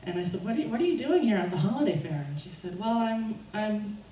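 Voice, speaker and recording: Speaking to a live audience at a fundraiser, a woman shares a personal story, nervous and frequently laughing. Her mid-range voice is expressive, quick, and dark in tone, recorded roomy and distant with faint background noise.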